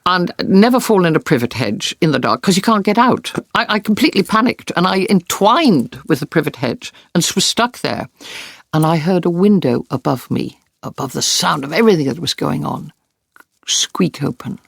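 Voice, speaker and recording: A woman's voice: lowish voice, lively intonation, moderate pace, vocal fry, slightly rough, dry recording. A woman war correspondent earnestly recounting vivid experiences in an interview. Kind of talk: interview storytelling.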